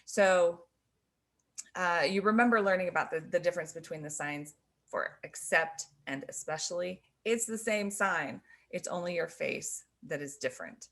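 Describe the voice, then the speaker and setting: A middle-aged woman explains to learners with a calm, teacherly patience. Her voice sits a little low and carries a gravelly fry at the ends of phrases. She breaks into quiet laughs now and then. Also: moderate pace. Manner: gentle, laughs softly between points. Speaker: sign language teacher.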